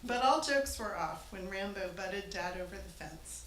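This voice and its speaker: A woman's voice: mid-range voice, expressive, normal speed, fairly bright tone. A woman telling a funny family story to a live audience in a church hall, chatty and amused. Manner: amused, chatty, laughs between lines. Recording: echoey hall with faint noise.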